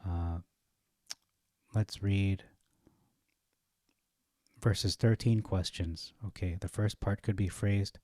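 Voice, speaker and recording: A man with a low, mellow voice works through scripture verse by verse. He thinks aloud, stops on fillers and corrects himself as he goes. The recording is close and dry. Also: fairly even intonation, slow, pauses often, dry recording. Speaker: Bible study teacher. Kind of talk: reading and commenting on scripture.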